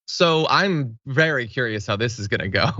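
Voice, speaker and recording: A man's voice: medium pitch, moderate pace, dry recording, highs cut off. A man hosting a casual news talk show, joking and laughing with his co-host. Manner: jokey, animated, laughs often.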